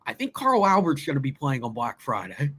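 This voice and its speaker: A man's voice: medium pitch, wildly swooping pitch, fairly quick, fairly bright tone, slightly rough. A young man, co-hosting a casual college football recruiting chat, rambling with many restarts and fillers. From Oklahoma.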